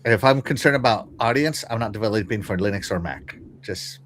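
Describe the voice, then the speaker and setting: A man's voice: on the low side, a little fast, a little hiss or hum. A man hosting a casual live-stream show, talking to his chat with lots of fillers and restarts. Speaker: podcast host.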